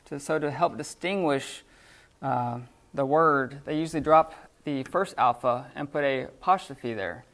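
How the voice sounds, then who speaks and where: A man's voice: medium pitch, measured pace, a bit bright. A man teaching a beginner Greek class in a classroom, explaining casually with lots of fillers and restarts. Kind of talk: unscripted classroom lecture.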